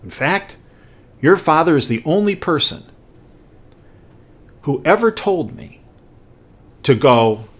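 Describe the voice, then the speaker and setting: A man's voice: fairly high pitch, big pitch swings, slow, pauses often, husky, pitched above the performer's own voice, exaggerated voice. A man voicing a blunt older city mayor who lectures a boy in an emphatic way, acted out while telling a story. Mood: lecturing.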